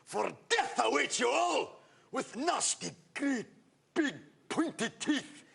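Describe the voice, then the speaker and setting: A man voicing a shouting medieval enchanter who warns knights of death, booming and theatrical. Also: very animated, slow, gravelly, breathy edge, exaggerated voice. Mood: menacing.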